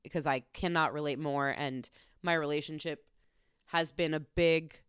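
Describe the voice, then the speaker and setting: A woman's voice: low-pitched, a bit bright, clean tone, no echo, clean studio sound. A woman co-hosting a casual podcast, speaking candidly and confessionally with loose phrasing. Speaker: podcast co-host. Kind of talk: casual chat.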